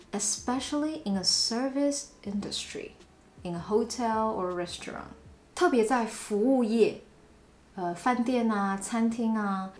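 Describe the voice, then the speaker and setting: A woman's voice: fairly high pitch, darkish tone. A Taiwanese-accented woman, a native Mandarin speaker, giving a language lesson and repeating sample phrases with playful, exaggerated intonation. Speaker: language teacher. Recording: roomy echo.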